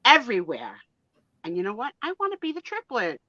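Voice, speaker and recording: A woman's voice: on the high side, wildly swooping pitch, fairly quick, bright, forceful tone, no room sound, lo-fi sound. A woman joining a live stream as a regular co-host, talking in a playful, teasing, theatrical way.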